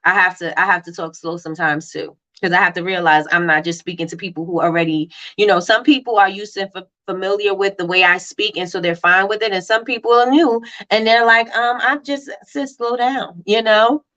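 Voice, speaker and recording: Brief: quick, animated woman host of a live business chat, bright voice. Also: medium pitch, dull audio. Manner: fast-talking, animated, reads out viewer comments. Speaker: livestream host. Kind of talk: casual live-stream chat.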